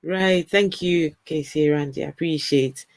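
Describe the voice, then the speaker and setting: A woman's voice: deep voice, moderate pace, no room sound. A woman from Africa with a mixed African and British accent, hosting a casual livestream and chatting with her viewers. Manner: chatty, repeats words, laughs often. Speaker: livestream host. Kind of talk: casual livestream chat reading comments.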